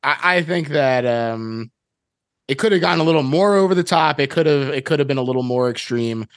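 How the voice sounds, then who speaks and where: A man's voice: medium pitch, expressive, brisk, dry recording, clean studio sound. A man co-hosting a casual film podcast, talking hesitantly and restarting phrases. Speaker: podcast co-host. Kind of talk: casual chat.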